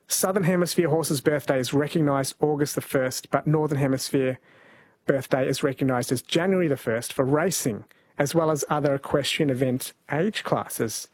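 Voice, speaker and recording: A New man hosting a radio quiz, chatty and quick to laugh as he reads listener texts. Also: on the high side, darkish tone, husky. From New Zealand. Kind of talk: casual radio chat. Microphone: studio microphone.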